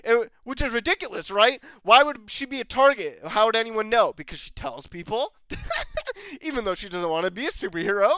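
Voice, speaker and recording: A man's voice: sits high, expressive, normal speed, sharp tone, clear, resonant tone, no echo. A man giving an angry, profane reaction rant as a show reviewer, laughing in disbelief between outbursts.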